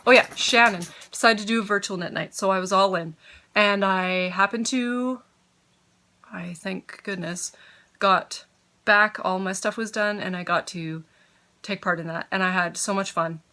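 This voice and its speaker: A woman's voice: medium pitch, steady tone, a little slow, sharp tone. A woman in her thirties from Canada, chatting casually to her viewers at home about knitting, easily sidetracked and sometimes talking with her mouth full. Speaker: knitting podcaster. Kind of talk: casual chat to camera.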